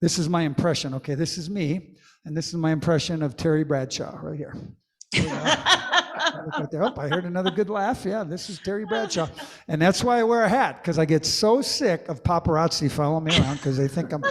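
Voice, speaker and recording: Older guy singing and rambling jokes over his guitar, slightly high voice, long echo on it. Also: a little fast. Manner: rambling, chatty storytelling between songs. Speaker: singer-songwriter and comedy host. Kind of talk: live-streamed comedy music show.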